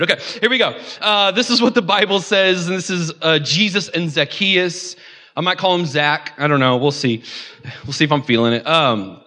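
A man's voice: fairly high pitch, bright, forceful tone. A young man preaching a conversational sermon, joking and calling out to his congregation. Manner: joking, chatty, audience call-outs. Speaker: pastor.

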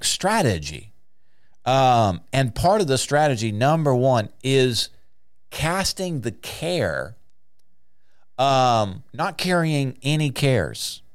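A man delivering a sermon in an earnest, exhorting way, circling back on phrases for emphasis. His voice is smooth and resonant, recorded close and dry with no room sound. He sits at an ordinary, mid-range pitch. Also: no room sound. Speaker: preacher.

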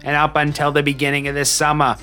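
Bright-voiced man running a tabletop game. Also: on the high side, completely flat delivery, quick pace, soft background music. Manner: loose, joking narration with hesitations. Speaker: game master.

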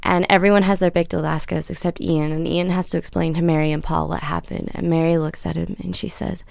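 Brief: female podcast co-host, lowish pitch with some fry, dry sound, lively storyteller. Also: brisk, dry recording. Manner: animated storyteller. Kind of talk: casual chat.

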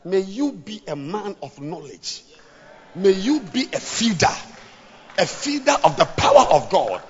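A man preaching a sermon to pastors, dropping to hushed scripture reading and rising to shouted exhortation. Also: high-pitched, sing-song, measured pace, crowd noise. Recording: lo-fi with long hall reverb.

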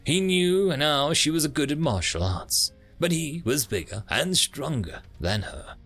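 A man narrating a thriller audiobook in a dramatic, low-voiced storytelling manner. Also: animated, unhurried, a bit bright, faint music behind.

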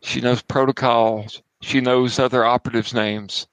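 A man narrating as game master of a tabletop horror game at home, casual and halting, restarting his sentences as he goes. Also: medium pitch, flat delivery, a bit bright, dry recording, rough recording.

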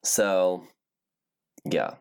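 A man's voice: sits low, drawn-out words, a little mellow, smooth. A man hosting a podcast, chatting casually and loosely about news, swearing now and then. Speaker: podcast host.

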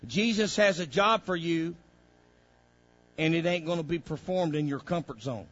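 A pastor preaches to his congregation in a fairly high voice, asking questions of the people in the pews and building into fervent, shouted stretches. The recording is dull and lo-fi, like an old church tape. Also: moderate pace. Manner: preaching with call-outs to the congregation, rising to loud fervor. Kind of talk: sermon.

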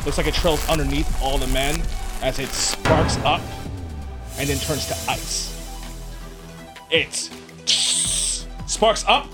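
A man's voice: mid-range voice, fairly even intonation, measured pace, over loud music. A man narrating a tabletop game as game master, describing scenes in rambling sentences full of "like" and "uh".

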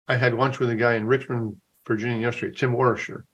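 A man's voice: medium pitch, level tone, quick pace, hardly any pauses, a bit bright, husky. A man, a recruiter and career coach, chatting enthusiastically as a podcast guest. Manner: enthusiastic, conversational, recounts stories. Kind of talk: casual podcast interview.

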